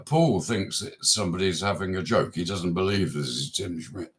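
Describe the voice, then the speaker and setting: An English man with a slightly low voice tells stories from his career in a relaxed interview. He chuckles often and retells old conversations in an easy, anecdotal way. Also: normal speed, slight background noise. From England. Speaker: guest musician. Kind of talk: casual storytelling interview.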